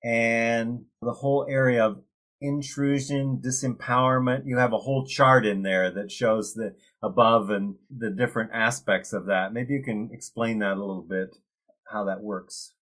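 A man's voice: medium pitch, fairly even intonation, normal speed, a bit bright. A man hosting an interview, asking open questions and laughing along with his guest. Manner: friendly, laughs often, asks open questions. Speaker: interview host. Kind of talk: conversational interview.

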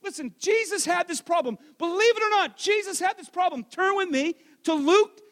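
A man preaching a sermon in a strikingly high voice that leaps up and down with animation. He preaches loudly and energetically, then drops into quiet, joking asides about himself. His delivery keeps swinging between near-shouting and soft, confiding remarks. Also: normal speed, in a large hall. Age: adult, married. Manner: energetic, loud preaching with self-deprecating asides. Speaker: pastor.

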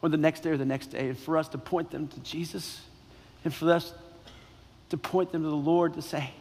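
A man's voice: on the high side, steady tone, fairly quick, darkish tone, breathy edge. A man preaching a sermon as pastor, emphatic, repeating key phrases and questioning the congregation. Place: church sanctuary. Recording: long reverb in a large hall.

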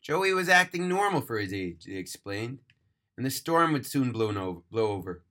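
A man narrating a moving story aloud, earnest and emphatic, slowing down on key phrases. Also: mid-range voice, very animated, pushed and bright. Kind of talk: dramatic storytelling read-aloud.

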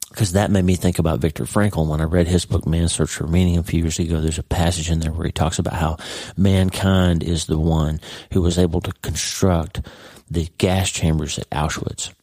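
Deep-voiced middle-aged man, earnest podcast talk. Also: a little mellow, no room sound. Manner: earnest, heartfelt, speaks straight to the listener. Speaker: podcast host. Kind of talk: personal podcast monologue.

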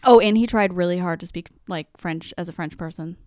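A woman guesting on a podcast, chatting in a relaxed way with lots of "like". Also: on the low side, brisk, no echo, studio quality. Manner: relaxed, chatty, uses "like" a lot. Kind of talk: casual chat.

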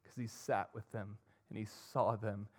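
A young man preaching a sermon, earnest, swinging between emphatic and soft. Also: on the low side, level tone, measured pace. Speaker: pastor.

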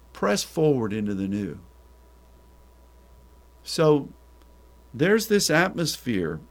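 A man preaching a sermon, pressing listeners with repeated rhetorical questions and restarting his words. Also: mid-range voice.

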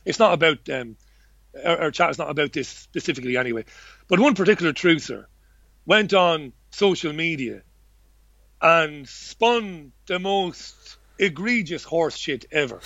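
At normal speed, a man with a fairly high, pushed and bright voice talks animatedly, with no room sound. He's a casual interview guest covering his journalism work, rambling bluntly with many restarts and a swear word here and there, in a dull lo-fi dry recording.

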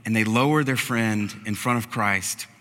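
A man's voice: fairly low pitch, moderate pace, sharp tone. A man preaching a conversational sermon, acting out the characters' lines as he goes. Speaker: pastor. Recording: preached in a large hall with long reverb.

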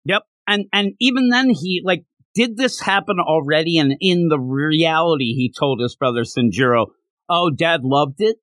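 A man co-hosting a podcast, chatting casually about a manga chapter and acting out characters' lines in quick voices. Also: fairly high pitch, a bit bright, no echo. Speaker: podcast co-host.

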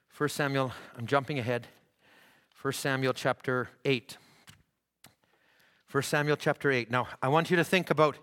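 A male preacher with a mid-range voice gives a church sermon that swells into fervent shouting. His speech is marked by many halting restarts.

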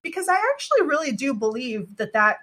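A woman's voice: sits high, lively intonation, a little fast, fairly bright tone. A woman hosting a podcast, chatting and laughing easily, and introducing the show with enthusiasm. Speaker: podcast host. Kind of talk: casual chat and show intro. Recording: music bed under voice.

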